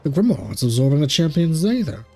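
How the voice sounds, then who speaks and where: A man's voice: fairly high pitch, sing-song, quick pace, dark tone, soft background music. A man reading a defiant young male hero's lines from a video game in close to his own voice. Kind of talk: reading game dialogue aloud.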